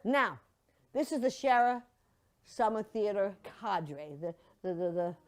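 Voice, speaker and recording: Slow-paced, with a medium pitch and lively intonation, an older woman tells stories at church while giving a memorial slideshow reflection. She's playful and chatty, slipping into mocking put-on voices.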